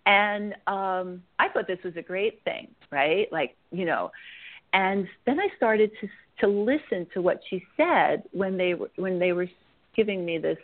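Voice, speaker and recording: A middle-aged woman, a guest author, tells her personal story in a candid, rambling way with many fillers and restarts over a phone line. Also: lowish voice. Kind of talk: personal storytelling in a podcast interview.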